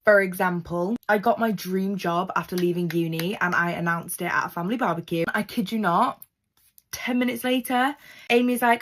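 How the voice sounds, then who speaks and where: A woman in her twenties tells a personal storytime in a chatty, gossipy way, stressing her points with emphasis. Her voice sits at an ordinary middle pitch. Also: brisk. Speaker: content creator. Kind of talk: casual storytime narration.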